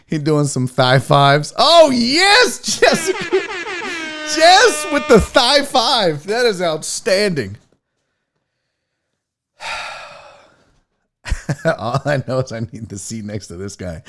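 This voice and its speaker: A man's voice: sits high, wildly swooping pitch, takes it slowly, pauses often, a bit bright. A man hosting a casual sports talk show, rambling and joking with frequent profanity. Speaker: host.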